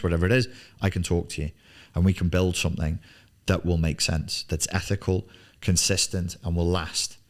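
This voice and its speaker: A man's voice: low voice, moderate pace. A man in his forties coaching on business in a blunt, emphatic studio monologue, swearing freely and repeating words for emphasis. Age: 40s. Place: television studio.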